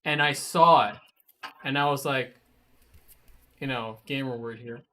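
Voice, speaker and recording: A man telling a story in a casual studio chat, animated, with bursts of swearing as he acts out his own anger. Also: mid-range voice, a little slow. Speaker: guest, web designer.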